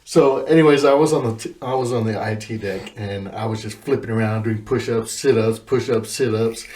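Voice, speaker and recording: A man recalling Marine boot camp in casual chat, laughing as he mimics instructors yelling. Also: lowish voice, normal speed. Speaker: podcast guest, former Marine recruit.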